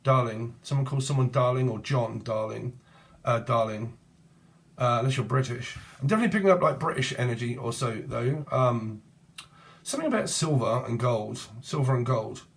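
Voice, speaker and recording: A man's voice: medium pitch, moderate pace, creaky. A man reading tarot in a loose, stream-of-consciousness ramble. He hops from one word play and name to the next. His talk is casual and sprinkled with slang and swearing. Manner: free-associating, jumps between word plays and names, often laughs. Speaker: tarot reader.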